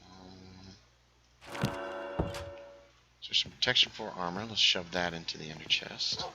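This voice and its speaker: A man's voice: low-pitched, slow pace, highs cut off, music in the background. A young man casually chatting while streaming a game, a little tipsy, rambling with lots of fillers. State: slightly tipsy. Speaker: livestreamer. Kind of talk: casual gaming stream chat.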